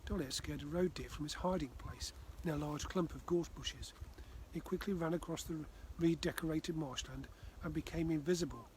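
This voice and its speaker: A man from the Far North of Scotland reading his children's book aloud, gently. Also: a little high, normal speed, few pauses, a little hiss or hum. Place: outdoors by a frozen loch.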